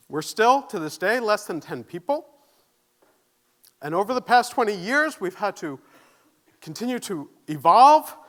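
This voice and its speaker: Guy doing a keynote, kinda high voice, nervous, earnest, pokes fun at himself. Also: sharp tone. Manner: earnest, self-deprecating, audience questions. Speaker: keynote speaker. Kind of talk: conference keynote talk. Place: conference stage.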